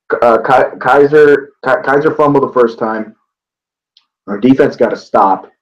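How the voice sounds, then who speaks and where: A young man from northeast Ohio, chatting casually about a game, rambling with restarts and swearing freely. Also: medium pitch. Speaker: sports vlogger. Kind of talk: casual chat. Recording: dull lo-fi sound.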